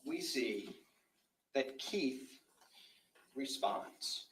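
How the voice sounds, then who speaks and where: A man's voice: mid-range voice, lively intonation, fairly bright tone, slight background noise, low-quality recording. Methodical male attorney questioning a witness. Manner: measured, methodical questioning with hesitations. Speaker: trial attorney. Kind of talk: courtroom cross-examination. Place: courtroom.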